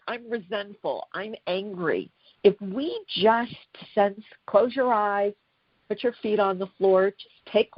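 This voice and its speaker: Husky woman talking slow and thoughtful, dry muffled phone sound. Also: medium pitch, dry recording. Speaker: guest, relationship coach. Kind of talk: phone interview, reflective talk.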